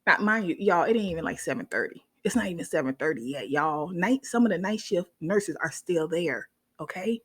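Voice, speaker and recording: With a husky, lowish voice and a slightly fast pace, a woman who is a nurse tells her viewers a story. Her delivery is casual and animated, and she often checks in with them.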